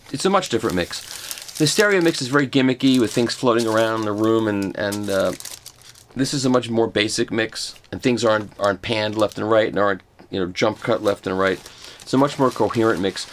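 A man's voice: fairly low pitch, fairly bright tone, a little hiss or hum. Chatty older man unboxing records. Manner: chatty, enthusiastic, rambling with restarts. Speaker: record reviewer. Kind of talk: casual unboxing talk.

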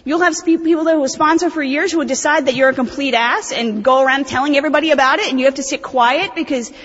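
A woman, giving a blunt, animated, profane recovery talk at a convention. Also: high-pitched, fast talker. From New Jersey. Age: 30s. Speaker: AA convention speaker. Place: convention hall. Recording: dull recording in reverberant hall.

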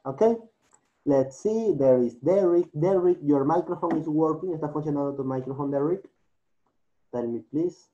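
Male English teacher, mellow voice, calls on students one by one, dull video call audio. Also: a little high, moderate pace. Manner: switches between English and Spanish, coaxing and repetitive. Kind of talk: online class, calling on students.

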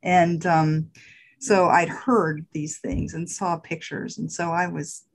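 A middle-aged woman telling personal stories in a casual interview, soft-spoken and trailing off at times, with lively jumps when she acts out what people said. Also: slow, rough recording. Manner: animated, acts out quotes with big pitch jumps. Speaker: guest sharing her spiritual path.

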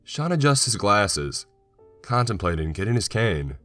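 A man narrating a horror story in a slow, measured way. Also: fairly low pitch, sing-song, no room sound. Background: soft music.

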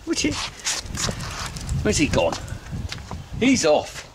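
A man's voice: on the high side, wildly swooping pitch, takes it slowly, background noise. A man vlogging casually at home, talking to his new puppy in sing-song baby talk. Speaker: farmer vlogger. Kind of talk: casual vlog.

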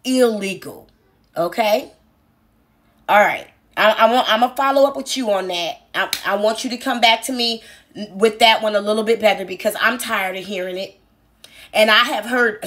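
A woman's voice: medium pitch, fairly bright tone. A woman commentator mocking a speaker in a teacherly, sarcastic way. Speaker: online commentator.

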